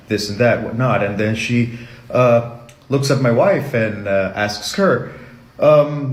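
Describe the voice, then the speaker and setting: A man from Mexico telling an anecdote in a halting way, with many fillers. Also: mid-range voice. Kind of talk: casual storytelling. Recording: roomy echo.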